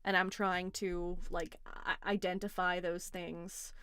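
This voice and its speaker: A woman hosting a casual call-in debate, relaxed and wry, with a dry sense of humor. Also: on the low side, slow, clear, resonant tone, no echo. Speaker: host.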